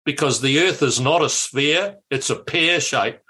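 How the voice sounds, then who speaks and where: An older man with a New Zealand accent telling political stories with gusto. His voice is bright and forceful, and he talks in lively, stop-start bursts. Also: on the high side, measured pace, husky. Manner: animated anecdotal storytelling with restarts. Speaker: guest, former politician. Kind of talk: casual chat.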